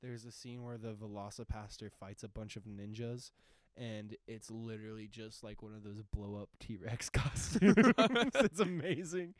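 A man's voice: lowish voice, moderate pace, darkish tone, dry recording. Young man rambling about a movie. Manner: rambling, lots of "like", acts out quotes. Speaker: podcast host. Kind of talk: casual movie chat.

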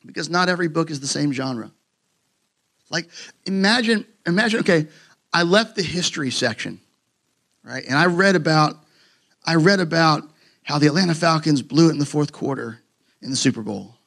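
High-voiced pastor, chatty sermon. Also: male voice, lively intonation, moderate pace, gravelly, pauses often, a bit bright. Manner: casual, joking, conversational preaching with many fillers. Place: church sanctuary with a congregation.

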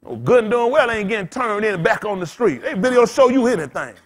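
A man preaching in loose storytelling style as a pastor, blunt and cussing, laughing as he swings between loud bursts and quiet asides. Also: sits high, expressive, fast. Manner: blunt, street-talking, cussing. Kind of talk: storytelling sermon.

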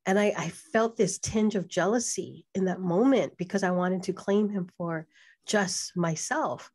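A middle-aged woman from Hawaii tells a family story as a podcast guest. Her voice sits at a medium pitch, and she talks in an animated way, with many "um"s and pauses. She acts out the lines of the people she quotes. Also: husky. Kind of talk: personal storytelling in conversation.

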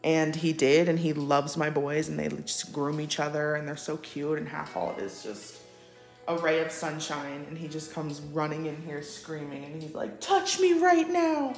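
A chatty woman hosts a relaxed live vlog from home, her voice sitting on the low side. She reads viewer comments aloud and coos at her cat between remarks. Soft music plays faintly underneath. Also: normal speed. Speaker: livestream vlogger. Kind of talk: casual live-chat vlog. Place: at home indoors.

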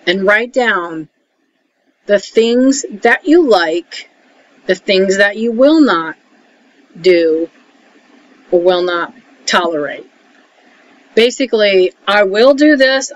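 A woman talking casually to camera, giving frank advice and often checking in with a quick "okay?". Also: mid-range voice. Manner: chatty, keeps checking in with "okay?"; frank, mildly salty. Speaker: emotional support vlogger. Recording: dull lo-fi audio with faint hiss.

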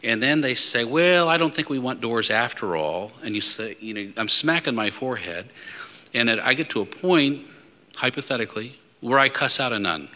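A deacon preaches at a Lenten mission in a church, speaking conversationally with asides and hypothetical stories. His voice is lowish, pushed and bright, with long church reverb on the recording.

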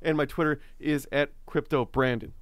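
A man co-hosting a casual podcast with a smooth, clear voice. He talks in a relaxed way, recorded dry and close. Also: a little high, normal speed, no room sound. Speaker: podcast co-host and producer.

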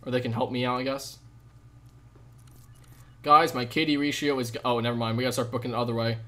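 A young man live-streaming a game, chatting with viewers in a jokey, rambling way with sudden loud outbursts. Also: mid-range voice, flat delivery, quick pace. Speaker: gaming streamer. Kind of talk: live gameplay commentary with chat.

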